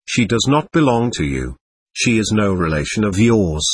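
A man's voice: on the low side, very animated, moderate pace, breathy edge, no room sound, pitched below the performer's own voice. A man reading the part of a doctor who questions spirits in a firm, patient manner, in an audiobook. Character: calm, firm male doctor guiding spirits.

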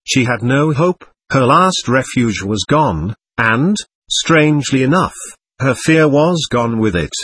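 Husky-voiced male narrator. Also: mid-range voice, lively intonation, takes it slowly, a bit bright, no room sound. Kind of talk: audiobook narration.

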